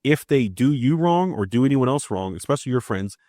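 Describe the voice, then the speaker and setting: Lively and fairly quick, a mellow mid-range male voice carries a casual Maryland podcast full of family stories, with the host performing the dialogue. There's no echo, just clean studio sound.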